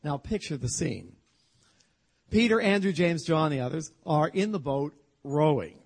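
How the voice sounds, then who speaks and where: Man, Bible teacher, storytelling sermon, husky voice, lively pitch, humorous. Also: measured pace. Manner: animated, humorous storytelling with acted-out quotes.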